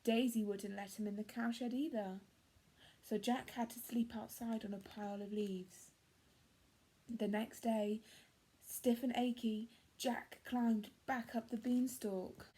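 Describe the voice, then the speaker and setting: Slow, breathy English teacher reading aloud. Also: female voice, fairly high pitch, steady tone. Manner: clear, gentle storytelling. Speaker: primary school teacher. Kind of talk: reading a picture book aloud to children.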